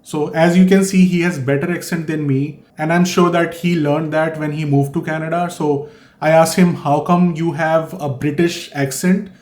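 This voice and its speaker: A man's voice: fairly high pitch, darkish tone. A man from India with an Indian accent, giving earnest, explanatory advice in a vlog and repeating his key points. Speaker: vlogger. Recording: echoey room.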